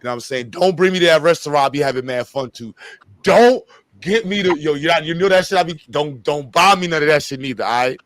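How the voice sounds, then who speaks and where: A man's voice: on the high side, fast talker, no echo. Slangy laughing man, dry close sound. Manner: laughing, swearing, slangy, animated. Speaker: podcast host. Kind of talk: casual comedic reaction talk.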